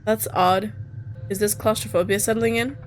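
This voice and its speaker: A female streamer reads a visual novel aloud, swinging from calm narration to loud reactions full of squealing, laughter, and cursing, with casual asides. Her voice is medium-pitched and her pace moderate, with soft music playing behind her.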